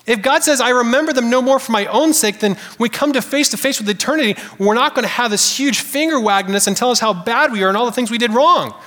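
A man preaching a sermon in a church sanctuary, animated and conversational, calling out to the congregation. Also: extremely high pitch, fast talker, few pauses, long reverb tail. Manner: animated, conversational preaching with audience call-outs. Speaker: pastor.

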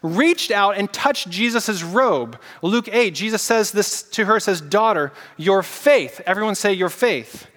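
A man preaching a casual, animated sermon and getting the congregation to repeat words back to him. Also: high-pitched, unhurried, hardly any pauses, long reverb tail. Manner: casual, animated preaching with audience call-and-response. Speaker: pastor.

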